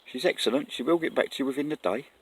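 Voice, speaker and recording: A man's voice: mid-range voice, racing. A man talking casually and earnestly to camera outdoors in the countryside, rambling and correcting himself as he goes. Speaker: vlogger. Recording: faint outdoor noise, birds.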